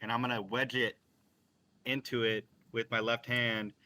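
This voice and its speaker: A man playing a tabletop game, describing his character's actions in a halting, sarcastic way. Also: mid-range voice, little pitch movement, pushed and bright. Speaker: player. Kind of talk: casual tabletop play.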